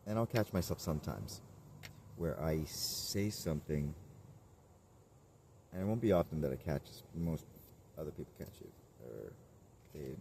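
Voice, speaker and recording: A man talking casually to camera in a candid, self-reflective monologue, rambling and halting with many restarts. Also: low voice, vocal fry, mellow, slight background noise. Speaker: vlogger.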